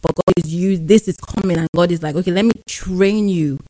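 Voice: mid-range voice, brisk, warm tone, low-quality recording. A speaker in a casual faith discussion, talking earnestly and reflectively while searching for words.

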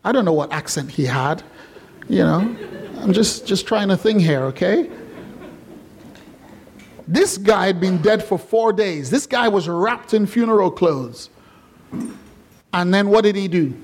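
A man preaching a sermon in a lively, conversational and playful way. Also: high-pitched, unhurried, long pauses, slight background noise. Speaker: pastor.

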